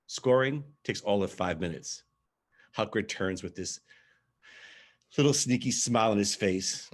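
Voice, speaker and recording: In a live theatre piece, a man with a low, husky voice reads his own story as a first-person monologue. His delivery is expressive and unhurried, with long pauses.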